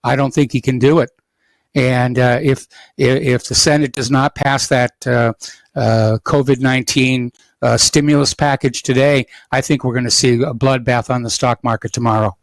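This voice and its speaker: A man hosting a talk radio show, giving commentary to a caller in a measured, matter-of-fact way. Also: mid-range voice, steady tone, dry recording, low-quality recording.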